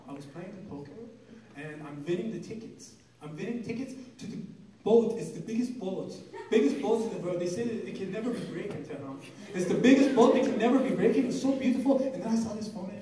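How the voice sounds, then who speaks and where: Guy doing his dad, gruff broken english, low mumbly, roomy echo far off. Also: fast talker, background noise, natural voice. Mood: storytelling. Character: stubborn tricky immigrant father, middle-aged man. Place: comedy club on stage. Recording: echoey room, far from mic, crowd laughing.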